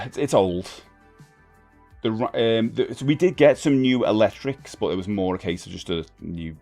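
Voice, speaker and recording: A man's voice: low voice, creaky, darkish tone. A middle-aged man hosting a livestream, chatting casually with viewers in a rambling, self-deprecating way full of fillers. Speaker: livestream host. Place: home streaming room. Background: faint music.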